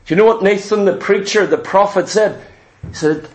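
A man preaching a sermon, retelling a Bible story slowly and dramatically and acting out the speakers' words. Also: high-pitched, darkish tone. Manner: acts out biblical figures' speech.

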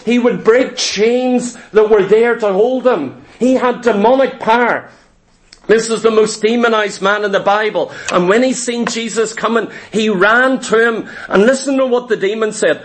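A man's voice: very high-pitched, a little slow. A man preaching a sermon emphatically, acting out the voices he quotes. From Ireland. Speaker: pastor.

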